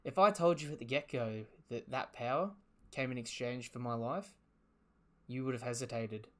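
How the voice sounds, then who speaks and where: A man's voice: medium pitch, normal speed, close to an everyday voice. Kurama, a man reading as a dying fox spirit. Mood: tender. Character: dying male nine-tailed fox spirit, gruff. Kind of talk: reading manga dialogue aloud.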